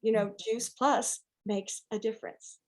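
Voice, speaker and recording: A woman's voice: a little high, steady tone, measured pace. A woman co-hosting a casual video-call chat who encourages the host and asks her questions.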